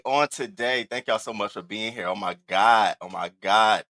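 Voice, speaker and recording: A man's voice: fairly low pitch, moderate pace, hardly any pauses. A man hosting a livestream, chatting casually and animatedly with his viewers. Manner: animated, jumps into mock voices. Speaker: livestream host. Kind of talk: casual commentary.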